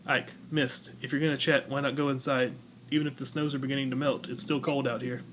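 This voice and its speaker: A man reading a reserved, measured older man. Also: medium pitch, level tone, a bit bright, slight background noise, lightly acted. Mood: calm, reserved.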